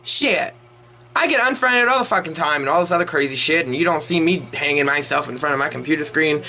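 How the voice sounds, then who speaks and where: A young man rants through a movie review in a high, bright, sharp-edged voice. He is exasperated and profane, rambling along with restarts and swearing as he goes. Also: fairly quick. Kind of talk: unedited ranting review.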